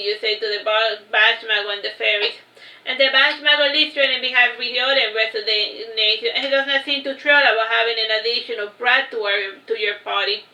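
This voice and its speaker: A woman's voice: a little high, fairly even intonation, a little fast, pushed and bright. A woman reading her own fantasy novel aloud, stumbling now and then and correcting herself. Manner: unpolished reading with self-corrections. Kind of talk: storybook reading. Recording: roomy echo.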